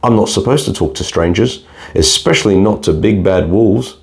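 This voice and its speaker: A trusting little girl in a red hood, as a man reads her for a bedtime storybook, gentle and innocent, a deep voice that climbs a bit for her, unhurried and soft. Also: gravelly. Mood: nervous.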